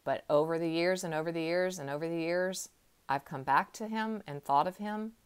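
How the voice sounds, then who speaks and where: A woman in her sixties, a counselor, gently guiding a slow relaxation exercise from a chair in her counseling room. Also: fairly low pitch, clean tone. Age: 60s. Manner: gentle, unhurried, soothing guidance. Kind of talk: guided relaxation talk.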